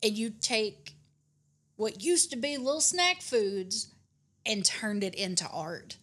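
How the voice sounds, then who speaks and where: A woman's voice: medium pitch, slow pace, a bit bright, slightly rough. A woman hosting a casual interview, effusive and encouraging toward her guest. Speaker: host.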